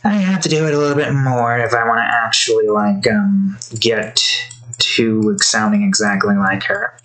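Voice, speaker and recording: Heard through a rough recording, this man's voice is fairly low and a bit bright, with a moderate pace. He gives casual commentary while drawing on stream, rambling with fillers and chatting to his cat in between.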